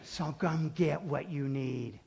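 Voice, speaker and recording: A male pastor giving a sermon in rhythmic, repeated phrases, swinging between loud emphatic calls and hushed intimate lines, and leading his congregation in call and response. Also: fairly high pitch, takes it slowly, vocal fry, a crowd in the background.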